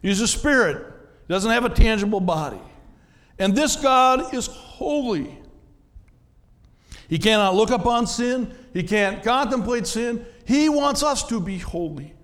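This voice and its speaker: A man's voice: high-pitched, lively intonation, a little slow, a bit bright, long reverb tail. A man, a pastor, preaching a sermon in a conversational way, often asking the congregation questions.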